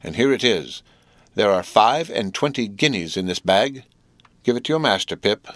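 A cold, commanding old lady, voiced by a male audiobook reader, each word slow and emphatic. Her tone is stern and unhurried. The recording is dry and close. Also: on the low side, animated, fairly bright tone, no echo. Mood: measured. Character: old wealthy eccentric woman, stern and cold. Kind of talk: audiobook reading.

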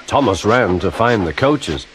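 A man reading a children's railway story aloud as an expressive, animated narrator. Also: on the low side, unhurried. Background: background music.

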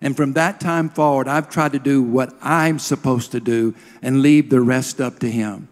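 A middle-aged man preaching a sermon, telling personal stories earnestly and sinking to a hushed voice at tender moments. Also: mid-range voice, fairly even intonation, normal speed. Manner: earnest storytelling, drops to a hush at emotional moments. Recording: long hall reverb.

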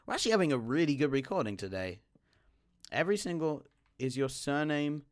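This gaming YouTuber gives live gameplay commentary, chatting with his teammate and swinging between quiet mutters and sudden startled yelps. His voice is a little high, expressive, and fairly quick.

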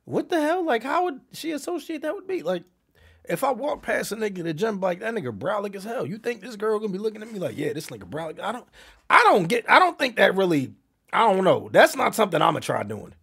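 A young man hosting a live-stream reaction, loud and excitable, often calling out to his chat. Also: high voice, fast talker, gravelly, husky.

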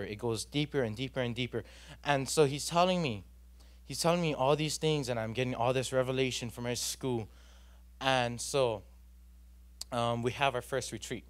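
Young guy telling his church story, earnest, lots of um and like, ordinary pitch. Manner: earnest, rambling, many fillers and restarts. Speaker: student youth leader giving testimony. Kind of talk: personal testimony. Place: church youth gathering.

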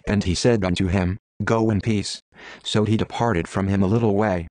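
A man giving a measured, solemn reading of King James scripture. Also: lowish voice, steady tone, darkish tone, no echo. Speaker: Bible reader.

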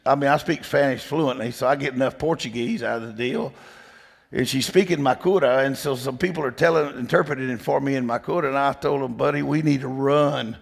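Gravelly preacher in a reverberant hall. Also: male voice, medium pitch, a little fast. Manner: folksy, emphatic, repeats "did you hear me". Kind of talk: storytelling sermon. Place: church sanctuary.

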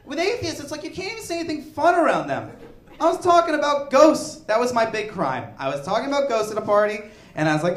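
A man doing stand-up comedy in a club, talking in an animated, profane, conversational way. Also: very high-pitched, fast. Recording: echoey club with audience laughter. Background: audience laughter.

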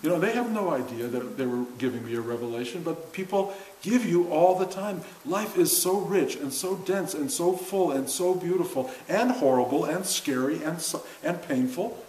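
A man's voice: fairly high pitch, expressive, normal speed, few pauses, a little mellow. An older man giving an informal spiritual talk to a class, earnest and conversational, often laughing as he speaks. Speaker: spiritual teacher. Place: room with a seated audience. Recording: roomy echo with faint hiss.

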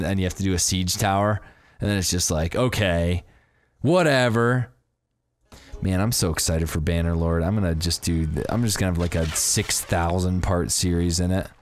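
A man giving excitable, exclamation-filled commentary while playing a video game. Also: low-pitched, no room sound. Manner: animated, exclaims often. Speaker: gaming video host. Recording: game music behind voice.

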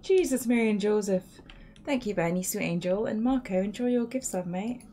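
A woman's voice: medium pitch, a little fast, dark tone, slight background noise. A woman streamer chatting playfully through a life-sim game, talking to her characters and thanking her chat. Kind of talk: casual live game commentary.

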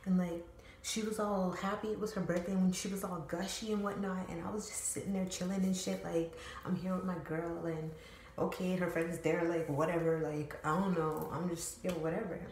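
A woman's voice: fairly low pitch, little pitch movement, moderate pace, darkish tone, a little hiss or hum. A young woman telling a story in a casual, rambling way, full of slang, swearing and fillers. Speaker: storytime vlogger. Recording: roomy echo.

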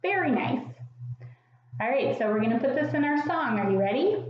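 A woman's voice: sits high, lively intonation, moderate pace, very echoey, highs cut off, a little hiss or hum. A woman hosting a preschool sing-along, singing and making playful animal sounds while she asks young viewers questions.

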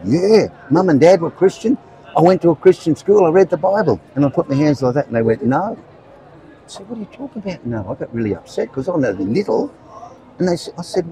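An Australian man in his seventies preaches to young passers-by outdoors on a street, earnest and chatty, often checking in with "right?" and "okay?". His voice is a little high with a warm tone, and the recording is rough.

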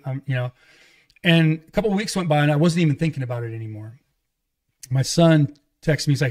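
A man's voice: a little high, a little fast. A man, a pastor guest on a podcast, telling a candid personal testimony in rambling casual talk and acting out the dialogue. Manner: rambling storytelling with restarts, acting out quoted dialogue.

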